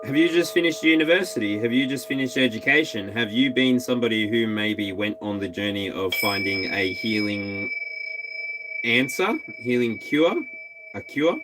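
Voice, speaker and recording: A man's voice: mid-range voice, lively intonation, moderate pace, background noise. An Australian man giving an intuitive tarot reading, talking straight to each star sign in a musing, tentative way. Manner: musing, tentative, talks to signs directly. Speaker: tarot reader.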